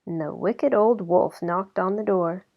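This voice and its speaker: A woman reading a children's storybook aloud as narrator, in an expressive way that slows down for effect. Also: medium pitch. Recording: slightly dull lo-fi recording.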